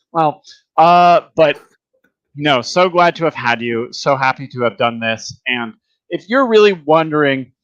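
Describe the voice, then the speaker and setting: A man's voice: fairly high pitch, a bit bright, dry recording. A young man hosting a podcast, chatting casually and joking around in a playful way. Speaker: podcast host. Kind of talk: casual chat. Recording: dull lo-fi dry sound.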